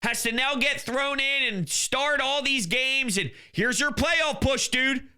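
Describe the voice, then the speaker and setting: A man ranting in a sports commentary vlog, exasperated and insulting critics, swinging between loud outbursts and low muttering. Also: slow, clear, resonant tone.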